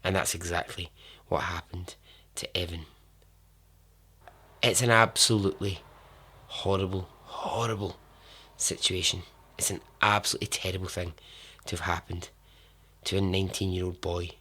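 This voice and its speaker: A man hosting a podcast, telling true survival stories in a casual way, repeating words for emphasis and letting phrases trail off softly. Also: sits low, steady tone, normal speed, long pauses, slightly rough. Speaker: podcast host. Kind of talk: casual storytelling narration.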